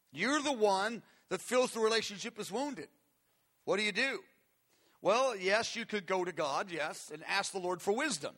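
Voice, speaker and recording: A man's voice: high voice, pushed and bright. A man preaching a conversational, earnest sermon, asking his listeners questions as he teaches. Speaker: pastor.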